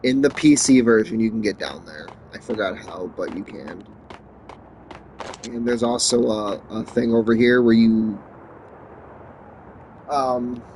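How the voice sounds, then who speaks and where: A man streaming a game, rambling and joking in casual chat and often trailing off quietly. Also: lowish voice, slight background noise.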